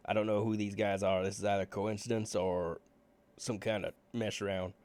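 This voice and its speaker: A man running a tabletop role-playing game as game master, relaxed and often stumbling over his words. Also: lowish voice, normal speed, clean tone.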